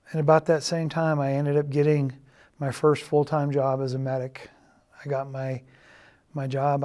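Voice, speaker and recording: A middle-aged man giving a halting, earnest confessional testimony, often dropping to a quiet, subdued tone. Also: mid-range voice. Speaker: church member giving a personal testimony.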